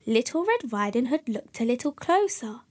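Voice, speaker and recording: A woman reading a children's fairy tale aloud as storyteller, gentle and clear. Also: a little high, very animated, normal speed.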